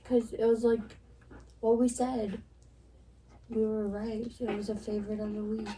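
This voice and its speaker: A woman's voice: a little high, flat delivery, measured pace, dark tone. A young woman co-hosting a podcast in casual chat, giggly and a little hesitant. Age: young adult. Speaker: podcast co-host. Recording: distant mic with faint noise.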